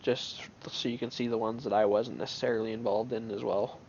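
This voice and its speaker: A man's voice: fairly low pitch, steady tone, fairly quick, darkish tone, muffled recording, a little hiss or hum. A man giving casual gameplay commentary on his own match, thinking aloud in an offhand way with many restarts.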